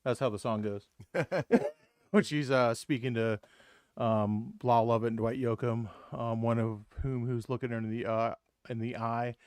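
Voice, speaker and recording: A man at mid pitch hosts a casual livestream, joking around and laughing often between remarks. His talk is loose and profane. The sound is close and dry. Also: steady tone, moderate pace, darkish tone, clear, resonant tone, dry recording. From Tampa area. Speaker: livestream host. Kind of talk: casual banter.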